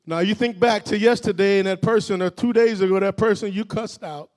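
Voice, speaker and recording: A male pastor delivers a call-and-response sermon in a church sanctuary. His voice sits high for a man, and he rises from low, quiet phrases into loud shouts that urge the congregation to answer back. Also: normal speed.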